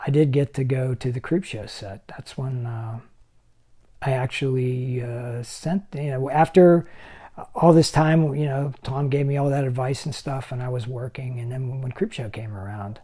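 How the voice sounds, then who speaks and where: A man's voice: medium pitch, moderate pace. A man in his sixties, a special effects makeup artist, telling anecdotes in an interview and acting out other people's lines as he goes. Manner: animated storyteller who acts out other people's lines. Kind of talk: anecdotal storytelling.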